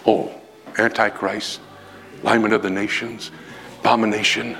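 A male preacher delivering a storytelling sermon in a dramatic, animated way with emphatic pauses. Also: fairly low pitch, gravelly, faint music behind.

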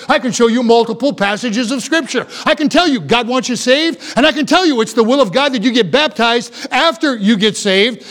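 A man's voice: extremely high pitch, a bit bright. A middle-aged man preaching a sermon as pastor, earnest and emphatic, with repeated phrases.

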